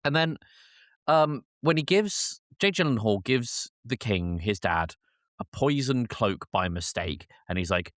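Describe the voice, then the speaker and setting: A man's voice: lowish voice, animated, moderate pace, fairly bright tone, no echo, clean studio sound. A man co-hosting a podcast, chatting and joking as he retells film scenes. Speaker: podcast co-host. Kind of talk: casual film review chat.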